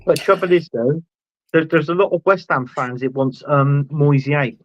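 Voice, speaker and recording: A man's voice: fairly high pitch, steady tone, moderate pace. A man joining a casual football chat as a guest, talking hesitantly with lots of ums. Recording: dry, dull lo-fi call audio.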